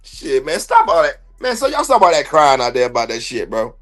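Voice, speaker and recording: A man's voice: medium pitch, wildly swooping pitch, brisk, fairly bright tone, faint music behind. A man hosting a sports podcast livestream, ranting bluntly and profanely in heavy slang. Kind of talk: heated livestream sports rant.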